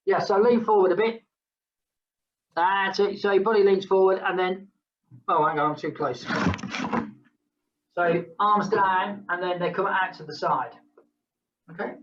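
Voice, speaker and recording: A woman's voice: mid-range voice, highs cut off. Chatty fitness instructor woman. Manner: chatty, counts down, hums playful sounds. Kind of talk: leading a group exercise class.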